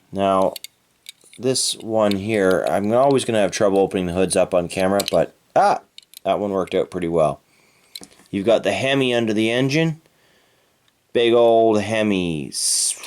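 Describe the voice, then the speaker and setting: A man's voice: lowish voice, darkish tone. A man from Canada narrating an unboxing of die-cast toy cars with enthusiastic, playful exclamations. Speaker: toy car reviewer.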